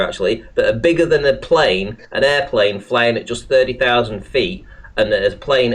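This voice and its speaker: A man hosting a livestream debate, reading chat comments aloud and pressing questions. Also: mid-range voice. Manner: lively, questioning, animated. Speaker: stream host.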